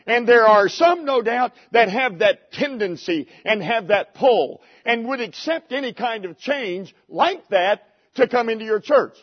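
High-voiced preacher, lo-fi recording. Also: male voice, animated, unhurried. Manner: conversational preaching with rhetorical questions. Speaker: pastor. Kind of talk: sermon. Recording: dull lo-fi sermon recording.

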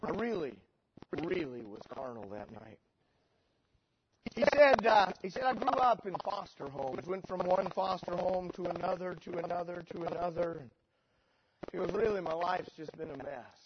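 A middle-aged male preacher with a high voice tells a story from the pulpit at a moderate pace, shifting from deadpan sarcasm to loud, heartfelt peaks. The storytelling sermon sounds dull and lo-fi, with constant noise underneath.

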